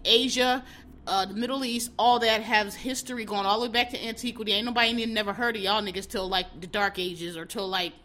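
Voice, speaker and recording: Bright-voiced woman podcast host. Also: mid-range voice, fairly quick. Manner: animated, blunt, talks straight to listeners. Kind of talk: casual solo commentary.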